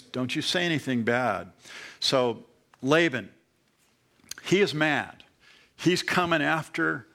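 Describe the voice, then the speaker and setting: Bright-voiced man preaching a sermon. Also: mid-range voice, gravelly. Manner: earnest, conversational, with sudden emphatic rises. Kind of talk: expository sermon.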